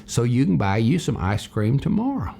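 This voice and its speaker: A man voicing a proper middle-aged British gentleman in a storytold memory, husky and emphatic. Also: mid-range voice, sing-song, moderate pace, slight background noise. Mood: kindly.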